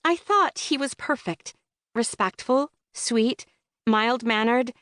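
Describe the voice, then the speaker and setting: A woman's voice: on the high side, slow, fairly bright tone, no room sound, clean studio sound, voice pushed up. A woman playing an awkward, flustered young gamer. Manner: self-conscious, flustered, earnest.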